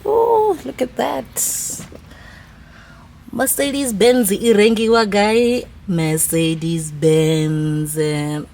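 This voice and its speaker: A woman's voice: fairly low pitch, darkish tone. A woman vlogging casually from a car and a dealership lot, emotional, laughing and tearful. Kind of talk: casual vlog chat. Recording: music playing clearly behind.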